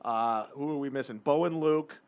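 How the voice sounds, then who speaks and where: A man from the Cleveland area hosting a podcast, chatting casually with loud laughing outbursts and rambling asides. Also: medium pitch, normal speed, smooth. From Cleveland area, Ohio. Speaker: podcast host. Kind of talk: casual chat.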